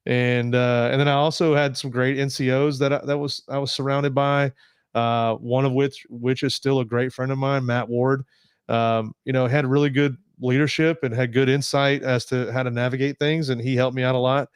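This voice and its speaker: A man's voice: medium pitch, level tone, moderate pace, clean tone, no echo, studio quality. A man in his forties, a veteran guest telling his story in a casual interview, rambling with fillers and restarts. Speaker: podcast guest, Marine veteran. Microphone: desk podcast mic.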